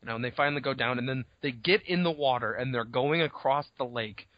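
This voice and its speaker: A man co-hosting a podcast, retelling a story in a casual, profane, animated way on dull lo-fi audio. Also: mid-range voice, quick pace, no room sound. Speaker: podcast co-host. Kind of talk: casual chat.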